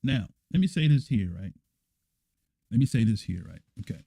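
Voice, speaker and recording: A man's voice: on the low side, big pitch swings, moderate pace, creaky, warm tone, breathy edge, no room sound. Blunt, emphatic man giving a dry lesson. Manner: emphatic and blunt, repeats himself and keeps asking "right?". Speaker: church elder teaching a lesson. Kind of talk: livestreamed scripture lesson, answering viewer comments.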